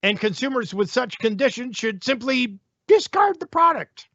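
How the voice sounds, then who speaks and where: A man's voice: very high-pitched, big pitch swings, moderate pace, bright, forceful tone, no echo, dull audio. A male talk show host giving opinionated, sarcastic news commentary in a ranting manner.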